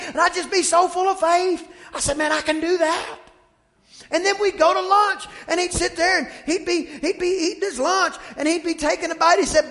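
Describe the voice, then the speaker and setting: A male pastor preaching a sermon, high-pitched and ringing. He moves from soft, measured talk to fervent, shouted storytelling. The sound carries the long reverb of a church hall. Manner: builds from quiet to shouting fervor, storytelling. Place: church sanctuary.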